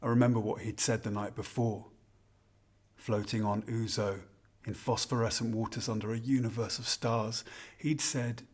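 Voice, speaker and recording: A man playing a wistful, husky-voiced husband. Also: on the low side, flat delivery, normal speed, darkish tone, close to an everyday voice. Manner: intimate, confiding, rambling reminiscence. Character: a husband toasting his wife, wistful and self-mocking. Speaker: narrator of a spoken monologue. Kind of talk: scripted dramatic monologue.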